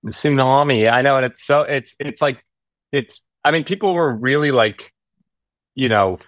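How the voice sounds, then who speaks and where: A man's voice: medium pitch, moderate pace, fairly bright tone. A man chatting casually as an interview guest. His storytelling rambles and is full of fillers, in a mid-range voice. The sound is dry, with no room echo. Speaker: actor guest.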